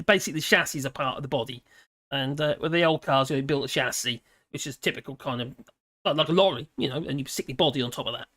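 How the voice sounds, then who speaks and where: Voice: mid-range voice, fairly bright tone, no room sound, studio quality. Rambling British host in their fifties. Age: 50s. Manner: rambling, chatty, often laughing and wandering off topic. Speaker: live-stream host. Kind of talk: casual commentary reading and digressing.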